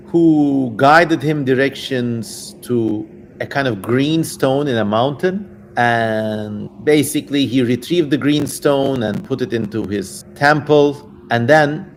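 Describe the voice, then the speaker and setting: Brief: male streamer, casual and irreverent, mid-pitched voice, swears in asides. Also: a little hiss or hum. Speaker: streamer reading an ancient text. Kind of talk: casual livestream reading with tangents.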